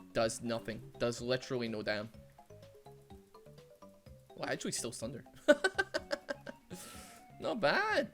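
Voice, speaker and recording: A man with a Glaswegian Scottish accent giving chatty, excitable commentary over his game, laughing often and trailing off into fillers. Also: medium pitch, gravelly. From Glasgow, Scotland. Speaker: streamer. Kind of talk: casual gameplay commentary.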